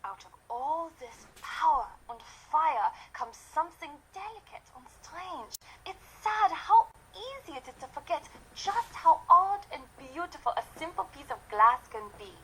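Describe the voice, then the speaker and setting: A woman's voice: sits high, very animated, measured pace, hardly any pauses, sharp tone, full character voice, poor audio. An actress with a German accent playing a polite, formal female castle steward in a mystery game. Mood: wistful. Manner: courteous, formal, slightly apologetic.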